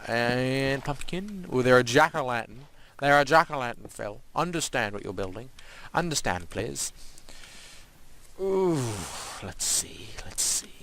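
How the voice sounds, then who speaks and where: A man's voice: medium pitch, animated, measured pace, a bit bright, a little hiss or hum. A young man giving casual, rambling let's-play commentary and playfully talking to the animals and objects in his game. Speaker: gaming channel host.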